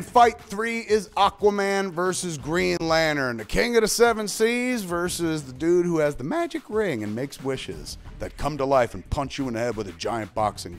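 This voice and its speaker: A man in his forties co-hosts a casual comic-book debate with a fairly high voice, animated and swinging between loud and quiet. He acts out the characters he quotes.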